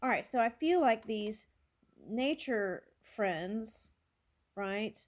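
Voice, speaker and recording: Woman reading tarot cards, slow and chatty, voice goes up and down a lot. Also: on the high side, expressive. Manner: musing, thinks aloud, exclaims over cards. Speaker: tarot reader.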